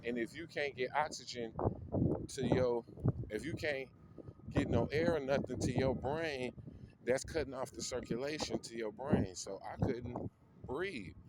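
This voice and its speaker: A man tells a personal story slowly and emotionally, teary-eyed, repeating phrases and using street slang while he walks outdoors. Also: mid-range voice. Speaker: vlogger. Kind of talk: walking vlog, personal storytelling. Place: outdoors on a city street, walking. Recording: outdoor street noise, passing cars.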